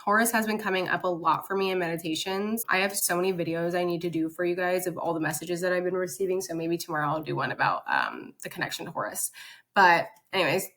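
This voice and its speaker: A chatty young woman talks through an oracle card reading. She reads the card text aloud in a slightly low voice and breaks off into excited asides. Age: young adult. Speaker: spiritual content creator.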